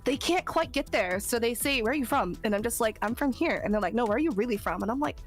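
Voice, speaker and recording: Brief: young woman host, high bouncy voice, laughs a lot, faint music under. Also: quick pace. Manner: laughs often, animated storytelling. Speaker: streamer host. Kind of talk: casual chat.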